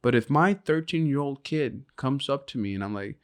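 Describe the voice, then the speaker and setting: A man's voice: mid-range voice, animated, moderate pace. A young man co-hosting a casual podcast, talking brashly and profanely, laughing and acting out little scenes. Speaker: podcast co-host.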